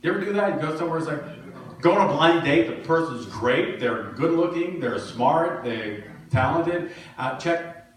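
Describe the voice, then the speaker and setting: Middle-aged male minister, chatty storytelling sermon, heard from afar in a booming, reverberant sanctuary. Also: lively intonation, normal speed, slight background noise. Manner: conversational storytelling, self-deprecating humor. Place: church sanctuary. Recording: echoey hall from far off.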